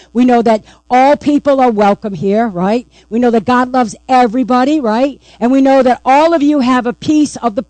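A woman's voice: a little high, a little mellow, no echo, low-quality recording. A woman pastor preaching a sermon, emphatic and repeatedly asking the congregation "right?".

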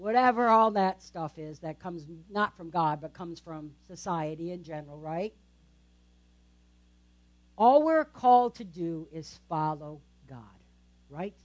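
A woman's voice: lowish voice, expressive, unhurried. A woman pastor giving a conversational sermon, often checking in with the congregation with tag questions.

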